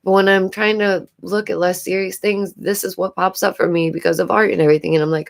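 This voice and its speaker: A woman's voice: on the low side, steady tone, a little fast, gravelly, few pauses. A woman hosting a casual commentary vlog, exasperated and rambling, breaking into frequent laughs. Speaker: YouTube commentary host.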